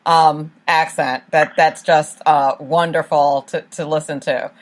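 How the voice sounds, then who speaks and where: A woman's voice: sits low, measured pace, few pauses. A woman hosting her own online show, chatting casually, laughing often and saying "right" a lot. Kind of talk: casual interview chat.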